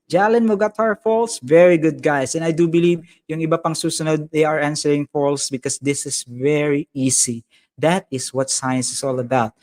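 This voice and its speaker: A man's voice: sits high, darkish tone. A man with a Filipino accent teaching a live online science lesson, cheerfully greeting viewers by name and code-switching as he reads their comments.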